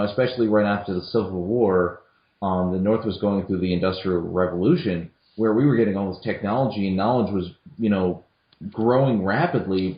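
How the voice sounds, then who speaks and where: A young man co-hosting a casual film discussion, talking hesitantly with many restarts and fillers. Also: lowish voice. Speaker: podcast co-host. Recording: echoey room, dull lo-fi audio.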